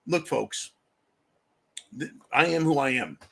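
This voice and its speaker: In a mid-range, fairly bright voice with vocal fry, a man hosting a live stream takes his time, yet stays animated. His political rant is angry and heavily profane, broken up by thanks to viewers for donations.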